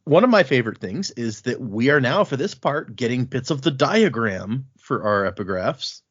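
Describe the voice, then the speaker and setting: A man's voice: medium pitch, very animated, moderate pace, slightly rough. A man co-hosting a podcast, chatting casually about a book, laughing often and retelling scenes. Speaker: podcast co-host. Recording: dull lo-fi audio.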